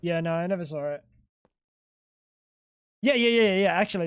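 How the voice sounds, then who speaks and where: A man's voice: high-pitched, lively intonation, moderate pace, smooth, no echo. A British man chatting casually with his live-stream audience while playing a game, swearing freely.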